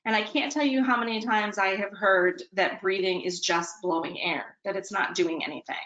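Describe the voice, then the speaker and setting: A woman leads a webinar for parents, chatting easily and pausing to check that her listeners follow. Her voice sits at an ordinary middle pitch. The audio is dull and lo-fi, like a home webinar feed. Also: steady tone, fairly bright tone, reverberant. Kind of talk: webinar presentation.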